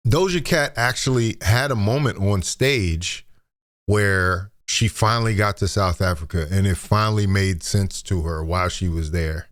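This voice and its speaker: Male commentary host, lowish voice, chatty and reflective, talks right to camera. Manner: conversational, reflective, speaks to viewers directly. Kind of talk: celebrity news commentary.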